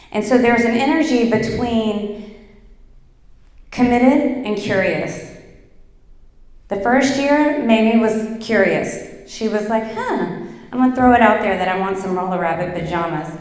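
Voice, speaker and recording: A middle-aged woman giving a motivational workshop talk, telling stories in an animated, chatty way with lots of fillers. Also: mid-range voice. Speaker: workshop speaker. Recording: echoey hall.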